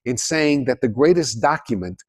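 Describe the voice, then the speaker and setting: A man giving a lecture to a live audience, animated and jokey, often putting questions to the listeners. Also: mid-range voice, moderate pace.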